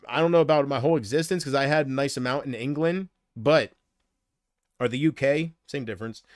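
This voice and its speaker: A man from the United States speaks briskly in a medium-pitched voice, recorded dry with clean studio sound. On a casual livestream he answers viewer comments, rambling and uncertain as he drifts from thought to thought.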